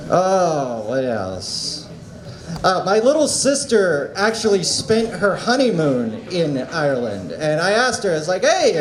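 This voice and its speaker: High-voiced, slow-talking male comic. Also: echoey room. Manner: deadpan setups, punchy impressions. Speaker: stand-up comedian. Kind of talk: open-mic stand-up. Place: small comedy venue.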